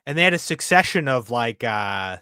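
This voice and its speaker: A man's voice: mid-range voice, very animated, moderate pace, pushed and bright, smooth, no echo, studio quality. A man co-hosting a podcast in casual chat, laid-back and laughing often.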